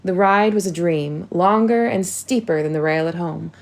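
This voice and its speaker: A woman narrating a first-person audiobook in a measured storytelling manner. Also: lowish voice.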